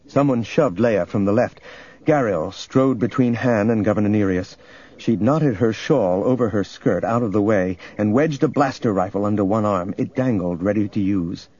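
Husky male audiobook narrator. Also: on the low side, moderate pace, darkish tone, muffled recording. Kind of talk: scripted narration.

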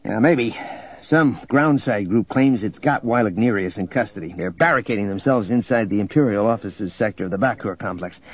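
A man's voice: lowish voice, moderate pace, husky, highs cut off. A man voicing a cocky male pilot in an audiobook, dry and teasing. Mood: wry.

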